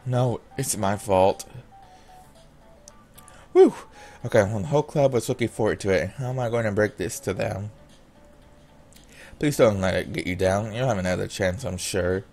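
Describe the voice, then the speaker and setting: With faint music behind him, a man reads a visual novel's dialogue aloud, voicing every character in his own plain voice. His voice is lowish, creaky and darkish, and he speaks fairly quickly. He breaks off now and then for casual comments.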